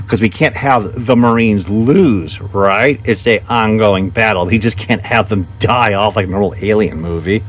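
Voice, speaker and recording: A man's voice: on the low side, a little hiss or hum. A man, chatty, enthusiastic toy collector. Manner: enthusiastic, chatty, with wry sarcastic asides. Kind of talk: casual unboxing chat. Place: basement.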